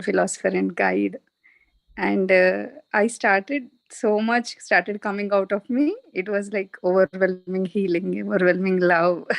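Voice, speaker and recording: A woman from India, sharing her experience with the group in an earnest, halting way. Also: mid-range voice, vocal fry, dry recording. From India (Telangana). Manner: earnest, halting, with light laughs. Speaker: workshop participant. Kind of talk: personal testimony. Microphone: video call.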